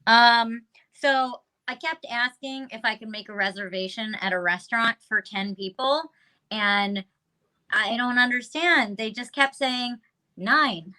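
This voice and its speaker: A woman on a comedy panel delivers her pun slowly and deliberately. Her voice is bright and fairly high. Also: low-quality recording. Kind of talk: casual joke telling.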